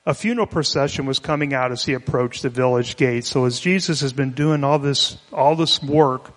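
A pastor giving a conversational, explanatory sermon, retelling a scripture story in plain everyday words. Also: male voice, mid-range voice, normal speed. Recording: long hall reverb.

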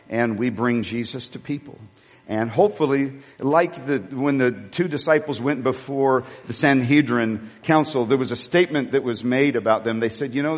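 A man preaching a sermon as pastor, rousing the congregation to shout and praise. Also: medium pitch. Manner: rousing, calls the crowd to shout. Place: church sanctuary. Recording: long hall reverb with soft music.

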